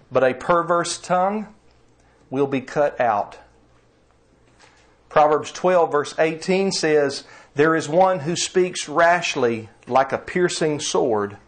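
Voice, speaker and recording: Earnest male preacher delivering a sermon. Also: on the high side. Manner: earnest, emphatic, slows down on scripture.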